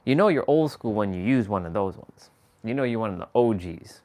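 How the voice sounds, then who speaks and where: A man's voice: fairly low pitch, animated, fairly quick, a little mellow. A man hosting a live stream, chatting casually in a rambling, slangy way with chuckling asides. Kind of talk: casual chat.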